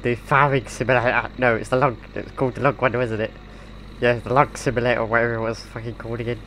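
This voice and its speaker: A man's voice: medium pitch, flat delivery, fast, fairly bright tone. Guy rambling over a game he's playing, giggles a lot, goofy put-on voice, faint hiss behind. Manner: playful, giggly, teasing an in-game character; puts on a silly voice. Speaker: gaming video creator. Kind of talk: casual gameplay commentary.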